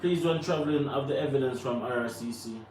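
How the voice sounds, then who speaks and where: An earnest Jamaican man co-hosts a live Q&A chat, answering viewer questions and giving advice, repeating himself for emphasis. His voice is mid-range, a little fast, and a little mellow, recorded roomy and distant from the mic with faint noise.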